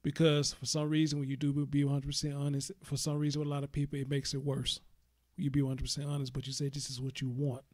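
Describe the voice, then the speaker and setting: A man's voice: medium pitch, monotone, fast, darkish tone, no echo, clean studio sound. A man hosting a casual talk show, giving frank opinions in a preachy, conversational way. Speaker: host.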